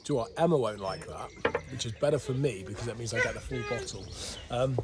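A man's voice: mid-range voice, quick pace. A man chatting casually in a home vlog, joking and chatty, sitting outdoors. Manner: chatty, joking, often laughing. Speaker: vlogger. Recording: noisy background.

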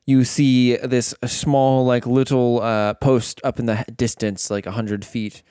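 A man narrating as game master of a tabletop game, laughing easily and pausing on fillers as he describes the scene. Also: mid-range voice, little pitch movement, warm tone, clear, resonant tone, no room sound, studio quality.

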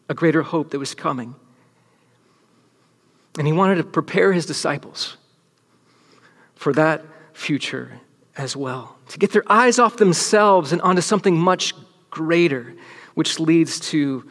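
A man's voice: a little high, breathy edge, big-room sound. A man preaching a sermon to a room full of people, speaking emphatically and dropping to near-whispers to stress a point. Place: large room with an audience.

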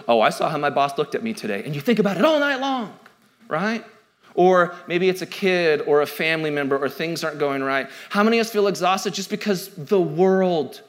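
A man in his thirties preaching a sermon in a joking, conversational way, swinging from loud to quiet. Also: fairly high pitch. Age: 30s. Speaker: pastor.

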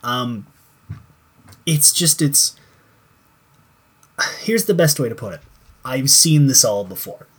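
A man's voice: medium pitch, lively intonation, slow, long pauses, breathy edge. A young man co-hosting a casual chat show, rambling with restarts and plenty of swearing as he reviews a show. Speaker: podcast co-host.

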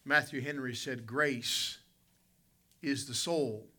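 A male pastor preaching a sermon, telling a vivid folksy personal story and calling on members of the congregation by name, swinging between loud emphatic lines and quiet asides. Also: mid-range voice, fairly even intonation, slow pace.

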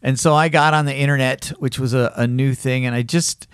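A man's voice: mid-range voice, a little fast, clear, resonant tone, no room sound, studio quality. A middle-aged man on a podcast telling a long personal story in casual chat, acting out the voices of the people in it. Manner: animated, acts out voices in his story.

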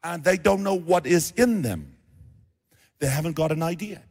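A man's voice: a little high, normal speed, vocal fry, darkish tone, slightly rough, long reverb tail. A middle-aged man preaching a sermon, acting out the voices of biblical figures as he tells the story. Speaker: pastor.

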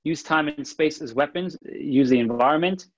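Male podcast co-host, casual and animated, slightly dull lo-fi sound. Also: fairly high pitch, moderate pace. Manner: animated, restarts phrases, reads listener comments.

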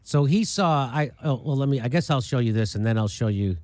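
A man's voice: medium pitch, animated, quick pace, a little mellow, no room sound. Guy hosting a commentary podcast, rambling and emphatic, really dry close sound. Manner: rambling, emphatic, self-interrupting. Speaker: podcast host.

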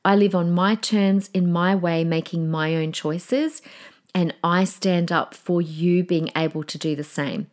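A middle-aged Australian woman hosting a solo podcast, chatty and animated, with fillers and quick laughs. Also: on the low side. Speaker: podcast host.

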